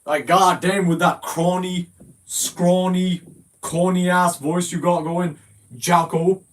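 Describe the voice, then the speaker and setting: A man hurls profane insults in a game voice chat, mocking and relentless. His voice sits high for a man. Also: level tone, takes it slowly. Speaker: gamer in a voice call. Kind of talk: casual trash talk.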